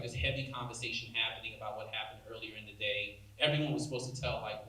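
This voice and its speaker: A man in his forties giving a keynote talk, telling a personal story and acting out the voices of the people in it. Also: mid-range voice. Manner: animated storyteller acting out dialogue, many "like"s. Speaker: national speaker on prison reform. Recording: roomy hall audio from a distance, faint hiss.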